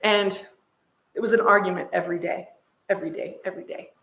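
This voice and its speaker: Middle-aged American woman presenter, lively anecdotal lecture, roomy echo. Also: mid-range voice, fast talker. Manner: animated storytelling, frequent "right?" checks. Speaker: seminar presenter.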